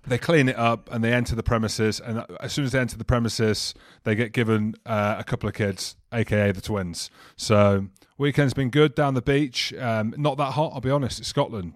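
A man at an everyday middle pitch, co-hosting a podcast with loose, rambling, jokey chatter. His voice is recorded close and dry, with no room sound around it. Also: no echo. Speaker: podcast co-host. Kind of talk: casual chat.

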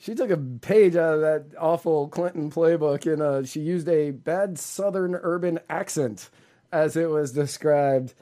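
Mellow-voiced sarcastic man. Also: on the high side, unhurried. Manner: sarcastic, rambling, laughs often. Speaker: co-host. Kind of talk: casual political podcast chat.

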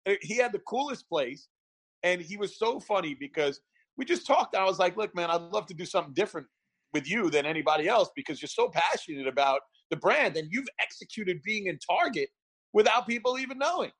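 A man's voice: high voice, fairly quick, slightly rough. A man telling stories in a casual chat, laughing often and acting out quotes. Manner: animated storyteller, laughs often, acts out quotes. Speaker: guest, barber event founder.

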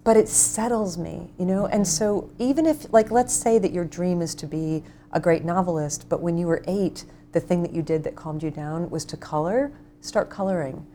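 Middle-aged woman author, deep voice, earnest, tender, conversational. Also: normal speed, a little hiss or hum. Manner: earnest, warm, gently intimate. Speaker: author guest. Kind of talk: casual conversation.

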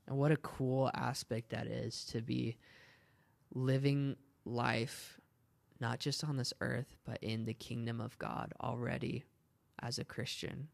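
Earnest man with a gravelly voice. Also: medium pitch, little pitch movement, slow pace, no room sound. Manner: earnest, rambling, laughs at his own tangents. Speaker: podcast host. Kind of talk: casual Christian podcast teaching.

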